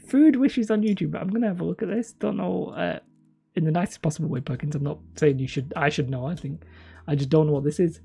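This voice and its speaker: A woman's voice: low voice, fast talker, creaky, mellow, breathy edge. A woman hosting a casual livestream, reading viewer comments in a rambling, self-deprecating way and laughing often. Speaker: livestream host.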